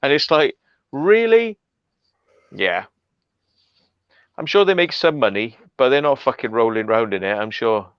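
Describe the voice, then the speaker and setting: A man's voice: mid-range voice, animated, unhurried, long pauses, clear, resonant tone, no room sound. Guy ranting and swearing on a chat stream, dull muffled sound. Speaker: host. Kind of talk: casual chat. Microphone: online call.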